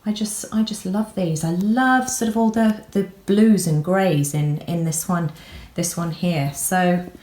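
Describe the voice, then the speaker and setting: A woman's voice: fairly low pitch, a little slow, rough recording. Chatty woman gushing over crafts. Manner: chatty, gushing with excitement, many ums. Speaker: crafts vlogger. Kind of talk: casual how-to narration. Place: home kitchen.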